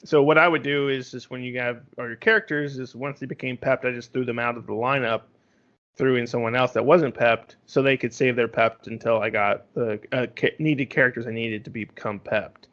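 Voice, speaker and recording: A man's voice: medium pitch, steady tone, normal speed, a bit bright. Man explaining game tips on a podcast. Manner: explanatory, rambling with fillers. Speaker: podcast co-host. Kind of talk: casual game review chat. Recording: slightly dull lo-fi audio.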